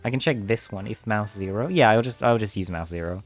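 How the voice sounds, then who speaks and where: A man's voice: fairly low pitch, a little fast, soft background music. A young man live-streaming his game coding, chatting casually with viewers, easily distracted and laughing often.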